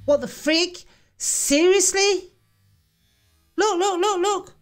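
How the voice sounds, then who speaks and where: A woman's voice: extremely high pitch, slow pace, soft background music. A woman reacting to a ghost-hunting video, jumpy and exclaiming, swearing often.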